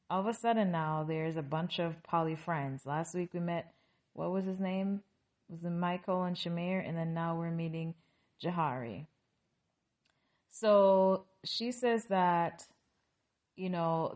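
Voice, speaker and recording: Low-voiced woman recapping reality TV. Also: a little mellow. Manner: opinionated, exasperated asides. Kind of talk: casual recap commentary.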